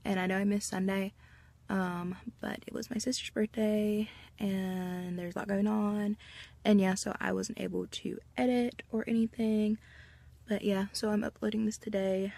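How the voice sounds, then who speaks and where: A woman's voice: medium pitch, little pitch movement, moderate pace, gravelly, mellow, rough recording. A woman, telling a rambling story to camera at home with lots of fillers. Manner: rambling and chatty, with many fillers and restarts. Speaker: vlogger.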